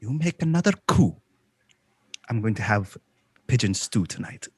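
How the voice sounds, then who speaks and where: A man's voice: fairly low pitch, lively intonation, normal speed, husky, dry recording. A man voicing a haughty, annoyed rogue. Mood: threatening. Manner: dry, dismissive. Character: nonchalant, haughty male rogue, easily annoyed.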